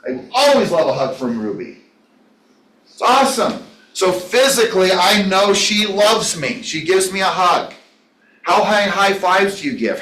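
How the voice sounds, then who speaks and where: In an echoey training room, a man with a high, slightly bright voice leads a business training session. His motivational talk is enthusiastic and rambling, and he addresses listeners by name.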